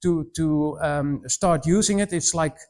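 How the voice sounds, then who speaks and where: A man in his forties stands before a college audience and gives a missionary presentation. His voice sits fairly high for a man. He tells stories with lively energy, mimics the people he met, and often stumbles over and restarts his sentences. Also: measured pace. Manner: animated storyteller, mimics voices, many restarts. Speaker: missionary speaker. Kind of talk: presentation to students.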